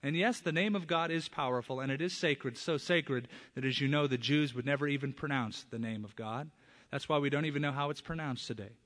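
A man preaching a sermon as pastor, speaking emphatically and punching up key words with loud stresses. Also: mid-range voice, brisk. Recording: long hall reverb.

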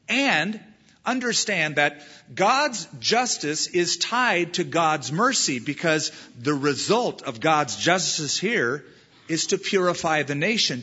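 Husky, forceful preaching man. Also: a little high, muffled recording. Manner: emphatic verse-by-verse teaching with storytelling. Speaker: pastor. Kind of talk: expository sermon.

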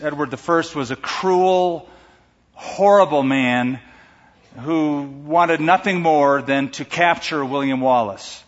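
A man's voice: a little high, fairly bright tone. An American man preaching a sermon, an earnest preacher who prays and tells stories. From United States. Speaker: pastor. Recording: dull audio with long hall reverb.

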